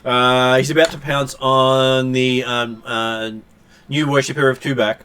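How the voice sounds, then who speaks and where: A man running a tabletop game as game master, narrating with many pauses and fillers. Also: mid-range voice, flat delivery, pushed and bright, a little hiss or hum. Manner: halting, many ums and uhs.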